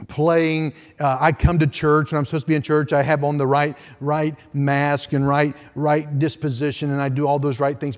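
A man preaching a sermon as pastor, swinging from hushed, quiet passages to loud, climbing peaks. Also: fairly high pitch. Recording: long hall reverb.

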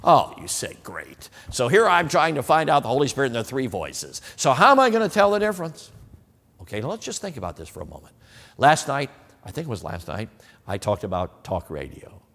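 A man's voice: medium pitch, big pitch swings, brisk, fairly bright tone, big-room sound. A man preaching a sermon, acting out the questions of imagined listeners as he goes.

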